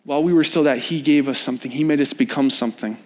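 A young man preaching to a congregation in a relaxed, conversational way. His voice sits in a middle register, and he teases the crowd now and then. He climbs to lively, emphatic bursts when a point matters. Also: mid-range voice, quick pace. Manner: informal, joking with the congregation, rising to animated emphasis. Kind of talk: conversational sermon. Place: church service.

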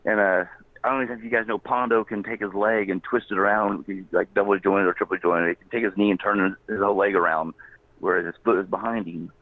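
On a dry recording through a tinny phone line, a man whose voice sits on the low side, with fairly even intonation, rambles through a long casual story as a guest. He laughs a lot and does quick impressions of what others said.

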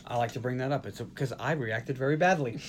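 Man recapping a movie, animated. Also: mid-range voice, fast, a little hiss or hum. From Northeast US. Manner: animated retelling of scenes, frequent laughs. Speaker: podcast host. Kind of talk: casual movie recap chat.

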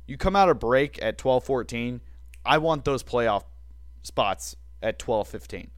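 Male sports-talk co-host, opinionated and wry, mid-pitched, close and dry. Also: animated, unhurried, no room sound. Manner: opinionated, wry, self-mocking asides. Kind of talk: casual sports debate.

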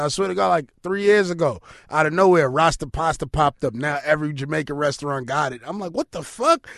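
A man telling loud, profane stories in casual chat with friends. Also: fairly high pitch, gravelly, dry recording, studio quality. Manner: profane, animated storytelling.

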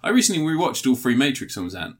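A man's voice: medium pitch, very animated, fast, slightly rough. A man, co-hosting a casual podcast chat, laughing often and swearing freely. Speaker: podcast co-host.

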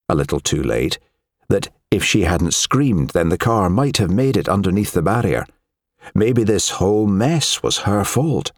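A man narrating an audiobook in a measured, expressive storytelling manner. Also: deep voice, no room sound, studio quality. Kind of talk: scripted narration.

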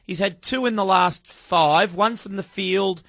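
An argumentative man pushes back on sports radio in a slightly high voice. The studio sound is close and dry. He teases his co-hosts as he makes his case. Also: measured pace, gravelly, a bit bright, no echo. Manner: argumentative, teasing. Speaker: radio football pundit.

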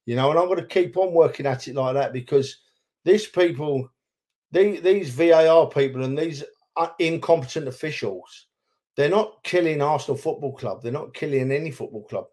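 Impassioned man, higher voice. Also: moderate pace, a little mellow. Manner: impassioned, emotional, repeats himself for emphasis. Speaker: podcast co-host, football fan. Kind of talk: casual chat.

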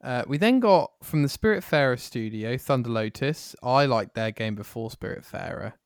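A man's voice: mid-range voice, lively intonation, normal speed, clear, resonant tone, no echo, clean studio sound. A man co-hosting a gaming podcast in casual chat, leading the rundown and putting questions to his co-host.

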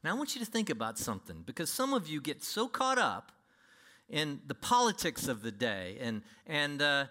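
A man preaching a sermon to his congregation, emphatic, with sudden swings between loud and quiet delivery. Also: fairly high pitch, big pitch swings, normal speed. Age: older. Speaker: pastor.

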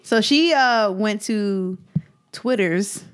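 A woman's voice: mid-range voice, takes it slowly, clean tone. Woman host, wry storyteller, mid-range voice. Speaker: podcast host. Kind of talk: casual chat.

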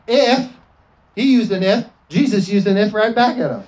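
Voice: medium pitch, lively intonation, normal speed, darkish tone, low-quality recording. A preacher giving a fervent sermon, often asking the congregation for an amen and slipping into acted quotes.

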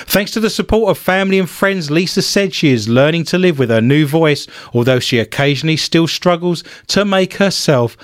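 Playful sarcastic man, lively pitch. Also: no echo, studio quality. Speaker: podcast host. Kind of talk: casual banter, reading odd news stories.

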